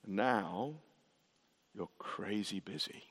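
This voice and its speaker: Earnest preacher in an echoing hall. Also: male voice, fairly low pitch, slow pace, a bit bright, husky. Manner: earnest, rhetorical questions and repetition. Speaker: pastor. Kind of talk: sermon. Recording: reverberant church hall.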